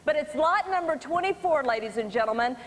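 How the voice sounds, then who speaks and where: A woman's voice: high voice, animated, brisk. A woman auctioneer calling bids in a salesy live-auction patter, repeating the bid amounts and addressing the room. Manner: salesy, repeats bid calls and "ladies and gentlemen". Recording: reverberant hall.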